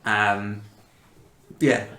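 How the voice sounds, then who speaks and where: A man running a tabletop game as game master, talking casually with lots of halting fillers. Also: on the low side, steady tone, sharp tone. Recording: echoey room.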